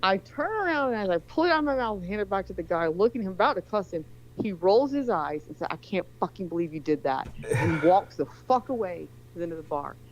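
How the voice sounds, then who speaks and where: A woman's voice: mid-range voice, fast talker, dull audio, a little hiss or hum. A woman in her forties telling a long rambling story in casual chat, swearing often. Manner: rambling, profane, animated storyteller.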